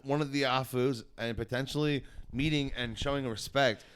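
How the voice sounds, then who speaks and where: A man's voice: medium pitch, fairly even intonation, moderate pace, a bit bright, smooth. A man from Long Island, co-hosting a podcast in easygoing, laughing banter. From Long Island, New York. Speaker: podcast co-host. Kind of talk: casual chat.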